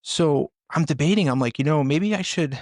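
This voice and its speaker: A middle-aged man, a firefighter and author, telling his story in a conversation, in an earnest and halting way with many restarts. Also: a little high, no room sound, clean studio sound. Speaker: podcast guest, firefighter and author.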